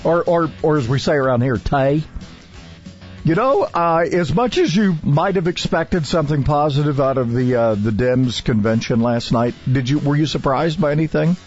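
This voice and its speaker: A man's voice: fairly high pitch, lively intonation, normal speed, few pauses, darkish tone, lo-fi sound, faint music behind. A man hosting a talk radio show, chatting casually and rambling with many fillers and restarts.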